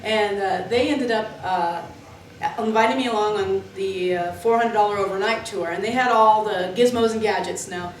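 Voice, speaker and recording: A woman from Florida, USA, who works at the club is interviewed indoors in the club building, telling rambling, animated anecdotes full of fillers that jump between tangents. Her voice is medium in pitch at a moderate pace. The room is echoey, with a distant mic and faint noise.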